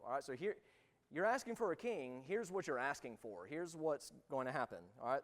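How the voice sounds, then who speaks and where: A man of middle pitch leads a church Bible class, reading passages aloud before talking them through in a relaxed, halting way. His voice carries a long reverb from the hall he is in. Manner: reads scripture aloud, then explains in loose, halting asides. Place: church room.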